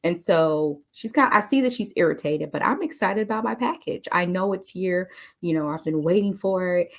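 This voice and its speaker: A woman telling a story to encourage listeners, animated and chatty, often calling them "you all.". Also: on the low side, moderate pace. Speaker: motivational speaker. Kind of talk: casual motivational storytelling.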